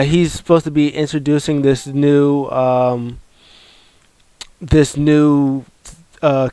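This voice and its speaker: A man hosting a casual wrestling recap, excitable and rambling, with lots of fillers and restarts. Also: fairly high pitch, clean tone, no room sound. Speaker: wrestling show recap host. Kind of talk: casual video commentary.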